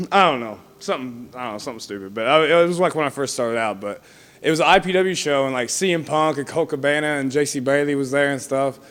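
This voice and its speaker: A man's voice: medium pitch, fast talker, fairly bright tone. A young man in a casual interview, rambling through stories with lots of fillers and frequent laughter. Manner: rambling, heavy on fillers like "you know what I mean"; laughs often while telling stories. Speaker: wrestler being interviewed.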